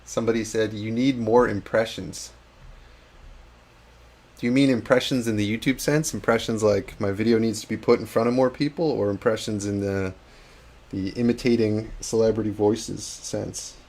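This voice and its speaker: A man's voice: fairly low pitch, fairly even intonation, a little fast, darkish tone. A man chatting casually on a hobby livestream while painting miniatures, reading out chat and joking at his own expense. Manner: chatty, self-deprecating, reads chat aloud.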